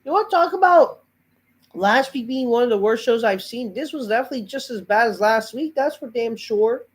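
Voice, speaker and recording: A man's voice: very high-pitched, brisk, breathy edge, low-quality recording. Fed-up male host, under the weather, profane and sighing through his rant. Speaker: host of a wrestling review show. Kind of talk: ranting show review.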